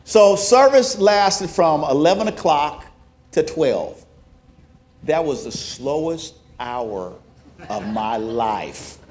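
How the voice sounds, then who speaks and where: A man giving a sermon testimony, telling a story with acted-out quotes that rise to loud, emotional peaks. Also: on the high side. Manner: self-described introvert, plain conversational delivery. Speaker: preacher.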